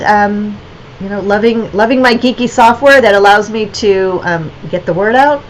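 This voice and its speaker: A woman's voice: mid-range voice, low-quality recording. Brief: woman gallery owner, casual livestream chat, rambling and unscripted, slight noise behind. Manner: rambling, many fillers and restarts.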